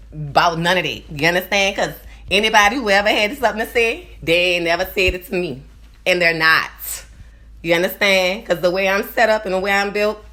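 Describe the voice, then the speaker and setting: Nasal new orleans lady, 40s, rambling vlog monologue, keeps asking if you feel her. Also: mid-range voice. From New Orleans, USA. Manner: rambling, repeats "you understand?", swings between loud and quiet. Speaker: vlogger. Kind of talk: casual monologue to camera.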